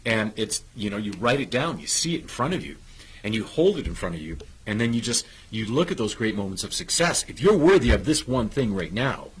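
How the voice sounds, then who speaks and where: Lively encouraging male talk-show host. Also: on the low side, brisk, slight background noise, low-quality recording. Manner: encouraging, sums up and coaches. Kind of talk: motivational talk-show interview.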